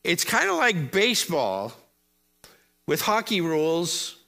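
A man's voice: sits high, sing-song, takes it slowly, vocal fry, pushed and bright. A male pastor giving a sermon to his congregation, chatty and joking with asides to the crowd. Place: church service before a congregation.

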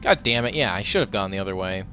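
A man commentating his own gameplay, talking straight to the screen as things happen. His voice has a bright, forceful edge and swings widely in pitch. He shouts curses at enemies, then drops to low mutters while rummaging through loot. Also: fast, faint music behind. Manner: excitable, profane, talks to the game as he plays. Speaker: gaming commentator. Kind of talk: let's play gameplay commentary.

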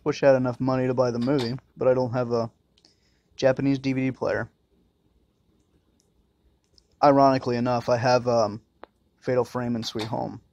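A man's voice: medium pitch, flat delivery, fairly quick, darkish tone, highs cut off. Foul-mouthed man narrating a horror game. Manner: crude and joking, swears and mutters to himself. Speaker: let's-play gamer.

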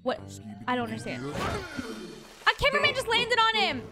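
Young woman, very high voice, lively swings, excitable reaction commentary, loud music behind. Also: normal speed. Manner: exclaims, gasps and laughs often. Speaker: reaction video host.

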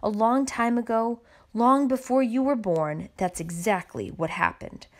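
A woman's voice: fairly high pitch, a little slow, close to an everyday voice. A woman voicing a grave old building super. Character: an older island man, grave building super.

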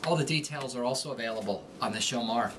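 A man teaching an accent lesson, explaining clearly and methodically. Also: medium pitch, fast, a bit bright, a little hiss or hum. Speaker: accent coach. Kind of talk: instructional lesson.

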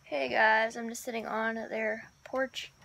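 A woman's voice: fairly high pitch, level tone, slow, gravelly, pushed and bright, slight background noise, poor audio. A woman vlogging in a casual, rambling way, often correcting herself and giggling. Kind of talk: casual vlog chat.

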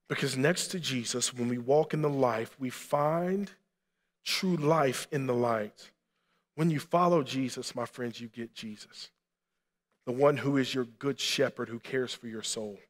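A male pastor delivers a sermon at a mid-range pitch, his voice carrying a long reverb through a church hall. He talks earnestly and pleads more strongly as he goes on. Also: fairly even intonation, normal speed. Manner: earnest preaching, rising to impassioned appeals. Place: church sanctuary.

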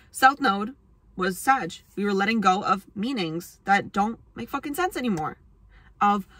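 Young adult woman, chatty astrology vlogger, mid-pitched, loose and self-deprecating with casual swearing. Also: fairly bright tone, no room sound. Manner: rambling, self-mocking, laughs often, swears casually. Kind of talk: casual astrology talk to camera.

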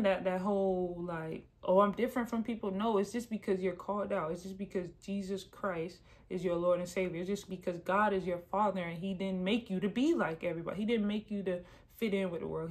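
A young woman speaks straight to her camera, sharing her faith in an earnest, casual way. She circles back over her words and drops slangy asides as she goes. Her voice sits in a middle pitch. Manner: earnest, repeats herself, slangy ("bro", "y'all"). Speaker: Christian vlogger sharing testimony. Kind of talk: casual heartfelt testimony to camera.

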